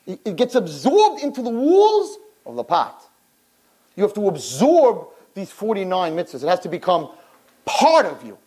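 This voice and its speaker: A woman in her fifties giving a Torah class, animated, rhetorical and fast-talking. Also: mid-range voice, breathy edge.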